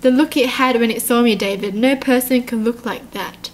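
A terrified young woman hiding in a closet, her text messages read out in a hushed, low and halting voice by a woman. The voice sits high and youthful even when hushed. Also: slight background noise, natural voice. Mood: frightened.

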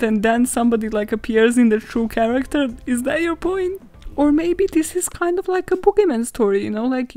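A woman's voice: high-pitched, dark tone. A young woman hosting a podcast, retelling a fairy tale in casual, sarcastic commentary full of laughs, swearing and filler words. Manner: sarcastic, laughing often, heavy swearing, lots of "like". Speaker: podcast host. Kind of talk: casual comedic storytelling commentary.

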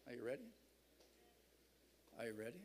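A man's voice: medium pitch, big pitch swings, moderate pace, a little mellow, slight background noise. A man preaching a sermon at a church seminar, emphatic and rousing the crowd. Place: large church hall.

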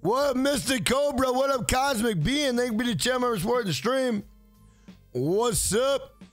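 Brief: cursing streamer guy, very high animated voice, dry mic. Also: measured pace, no echo, faint music behind. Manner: loud, profane, joking, reads chat aloud. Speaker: livestream host. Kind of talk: casual livestream chat.

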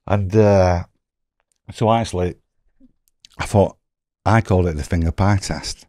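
English man, middle-aged, very low voice, animated storyteller who acts out dialogue, dry close sound. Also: normal speed, pauses often, no echo. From England. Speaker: podcast guest telling his story. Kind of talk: casual storytelling.

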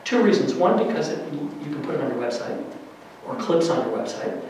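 A middle-aged man giving a lively workshop lecture to faculty, varying his loudness for emphasis, with many fillers. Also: on the high side, a little fast, a little hiss or hum. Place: large lecture room. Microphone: distant room mic. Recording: very echoey hall from far off.

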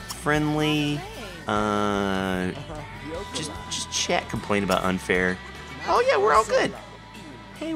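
A man talks through his video game as he plays, chatting to the characters on screen. His pitch leaps around wildly while he keeps an unhurried pace. Soft game music plays underneath him. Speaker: gameplay commentator. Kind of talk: casual let's play commentary.

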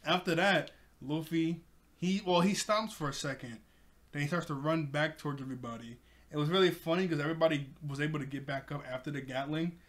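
A man's voice: fairly high pitch, fairly quick. A man casually recapping an anime episode for his review channel, chatty and rambling, laughing often.

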